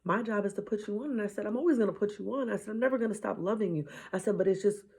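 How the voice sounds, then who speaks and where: A woman with a husky, slightly breathy voice tells a story about her children in a casual faith talk. She acts out what she said to them and slips into hushed whispers now and then. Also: medium pitch, rapid-fire. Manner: animated retelling, dropping to a whisper at times. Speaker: mother sharing a faith message.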